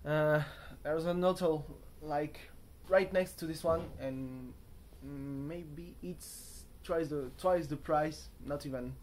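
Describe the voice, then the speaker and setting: A man's voice: on the high side, slow pace, few pauses, a little mellow, a little hiss or hum. Talkative young man rambling from a hotel room. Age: young adult. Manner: talkative, self-mocking, wandering off on tangents. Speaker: vlogger. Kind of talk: casual rambling vlog monologue.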